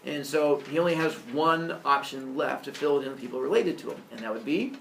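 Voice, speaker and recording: A man teaching a class, telling myths in a jokey, animated way. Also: mid-range voice, fairly quick, creaky, slight background noise. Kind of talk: classroom lecture, storytelling. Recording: roomy echo, distant mic.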